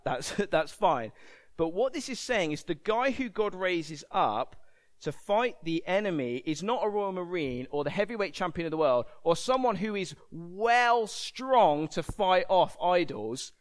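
Animated preacher, a man. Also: fairly high pitch. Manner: animated, jokey, acts out voices for emphasis. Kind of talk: sermon.

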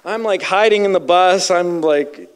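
A man's voice: sits high, unhurried, clear, resonant tone. A male evangelist preaching a sermon with emphatic, dramatic storytelling.

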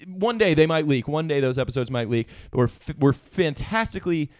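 Young man, podcast host, excitable, jokey, rambling restarts, studio mic. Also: a little high, fairly quick. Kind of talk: casual comedic chat.

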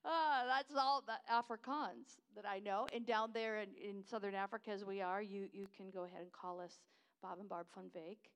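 A woman's voice: medium pitch, steady tone, normal speed, hardly any pauses, fairly bright tone, clear, resonant tone. An American woman in her fifties gives a chatty, enthusiastic missionary talk at a church service, wandering off track and laughing at herself.

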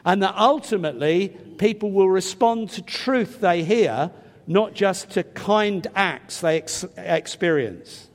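A man's voice: sits high, lively intonation, slow. An older English man with a slightly stuffy nose, preaching a sermon and telling a self-deprecating personal story in a chatty way. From England. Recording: long reverb of a large hall.

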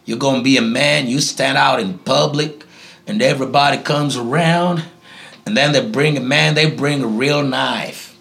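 A man's voice: medium pitch, moderate pace, vocal fry, a bit bright. A man from Africa, a pastor answering interview questions in a preaching tone, emphatic and fond of repeating key phrases. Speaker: guest pastor.

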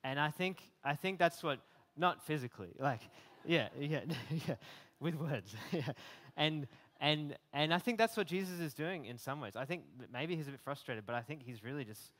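A man preaching a sermon in a conversational way, with many fillers and restarts, getting animated at times. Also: on the high side, moderate pace, big-room sound. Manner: animated when voicing imagined rebukes.

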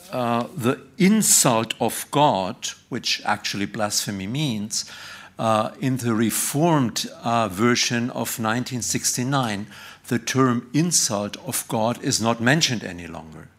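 A male professor with a German accent delivers a conference lecture, pausing often on filler sounds as he builds each point. His voice sits at an ordinary middle pitch. The talk is measured and academic. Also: fairly bright tone. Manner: hesitant, many filler sounds between phrases. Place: conference room.

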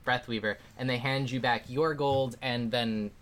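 A man's voice: medium pitch, fairly even intonation, a little slow, a bit bright. A man narrating a tabletop game as game master in a casual, rambling way with many fillers.

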